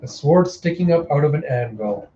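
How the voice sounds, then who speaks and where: A man voicing a young female fighter in a trance, with a slow, chanting delivery. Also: on the high side, animated, warm tone, a little hiss or hum, natural voice. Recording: echoey room, dull lo-fi sound.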